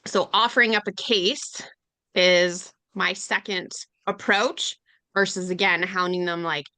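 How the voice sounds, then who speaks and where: Bright-voiced chatty woman. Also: on the low side, unhurried, no room sound. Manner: chatty and animated, acts out quoted voices. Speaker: sales webinar panelist. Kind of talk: casual webinar talk.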